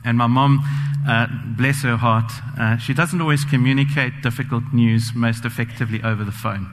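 A man's voice: mid-range voice, fairly even intonation, moderate pace, a bit bright. A man preaching a sermon, earnest and personal, telling stories with frequent fillers. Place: church sanctuary. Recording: long church reverb.

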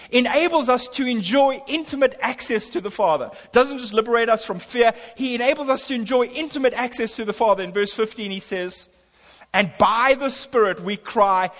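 A man's voice: very high voice, fairly bright tone. Impassioned preacher man in a reverberant hall. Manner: impassioned preaching, voice swelling on key lines. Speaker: pastor. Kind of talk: sermon.

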